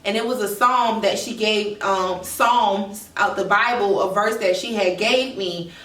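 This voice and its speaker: A woman's voice: mid-range voice, a little slow, a bit bright. A young woman vlogger candidly and emotionally telling a personal story to her viewers. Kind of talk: storytime vlog. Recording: echoey room, mic at a distance.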